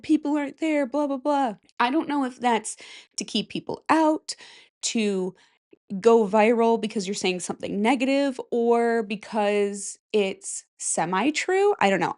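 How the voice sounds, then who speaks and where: Chatty young woman rambling casually. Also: medium pitch. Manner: chatty, giggly, rambling storytelling. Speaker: podcast host. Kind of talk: casual chat.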